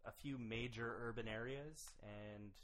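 A man's voice: medium pitch, fairly bright tone, a little hiss or hum. A man co-hosting a podcast, chatting casually and dropping dry one-liners. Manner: wry, quick quips.

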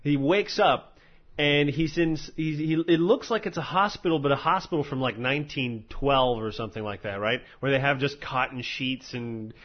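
A man's voice: mid-range voice, moderate pace. Rambling lo-fi podcast host, a man. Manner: rambling, filler-heavy, swears freely. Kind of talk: casual podcast chat. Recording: slightly dull lo-fi audio.

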